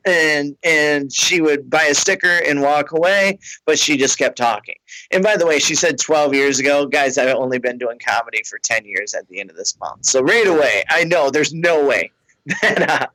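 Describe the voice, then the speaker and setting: A man's voice: fairly high pitch, expressive, normal speed, sharp tone, no echo, poor audio. A man and comedian telling a story in a rambling, self-mocking way, laughing between lines. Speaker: comedian, podcast host. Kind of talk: casual storytelling.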